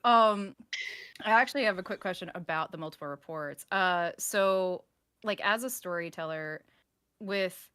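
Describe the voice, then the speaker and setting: A woman in casual chat, giggly and excitable, asking questions with many fillers. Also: on the low side, moderate pace, clean tone, no room sound.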